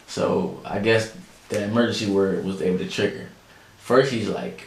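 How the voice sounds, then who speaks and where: A man hosting a podcast, telling a story in a chatty, animated way and talking straight to his listeners. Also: on the low side, brisk. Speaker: podcast host. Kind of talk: casual storytelling chat. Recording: echoey room, faint background noise.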